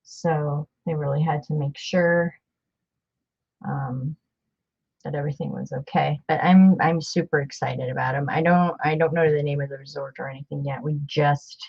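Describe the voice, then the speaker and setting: A woman's voice: sits low, fairly even intonation, normal speed, gravelly, darkish tone, husky, muffled recording. A middle-aged woman chatting in a rambling, casual way with many fillers while she works on a craft project. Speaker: crafting vlogger.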